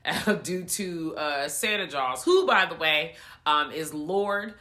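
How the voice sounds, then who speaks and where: Woman, casual movie recap, animated and profane, bright forceful voice, lowish pitch. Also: slow.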